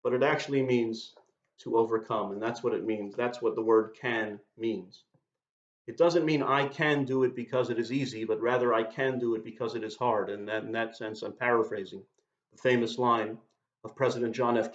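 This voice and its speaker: A man giving a sermon, explaining Hebrew words and verses in a measured, teaching manner. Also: medium pitch, steady tone. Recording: dull, roomy recording.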